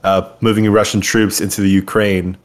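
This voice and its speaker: A man's voice: on the low side, flat delivery, moderate pace. A man in his twenties co-hosting a podcast, joking and sarcastic in casual banter. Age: 20s. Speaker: podcast co-host.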